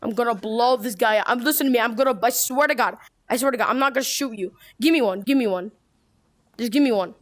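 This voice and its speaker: A woman giving casual gameplay commentary with excitable, bossy trash talk. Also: a little high, quick pace. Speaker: gamer.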